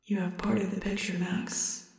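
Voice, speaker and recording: A woman doing a hushed, mysterious voice in the head. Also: level tone, moderate pace, reverberant, in a large hall, natural voice. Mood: cryptic. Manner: hushed, low, breathy. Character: mysterious calm voice inside the head.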